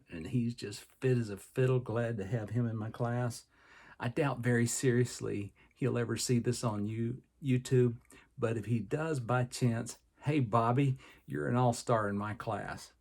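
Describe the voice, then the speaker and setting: A man's voice: mid-range voice, fairly even intonation, unhurried, vocal fry, darkish tone, breathy edge. An older man with a Southern American accent, hosting a podcast in a folksy, rambling monologue full of fillers. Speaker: podcast host and personal trainer.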